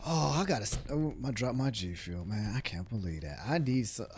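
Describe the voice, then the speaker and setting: Male streamer, mid pitch, reacting aloud with sighs and disbelief. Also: animated, a little fast, a little mellow, a little hiss or hum. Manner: exasperated, sighing exclamations. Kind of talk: live reaction commentary.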